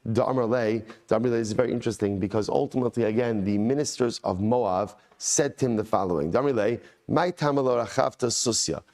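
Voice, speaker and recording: A rabbi teaching a daily Talmud class, retelling the text in an animated storytelling way with Hebrew and Aramaic quotes. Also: male voice, fairly low pitch, fast talker, few pauses.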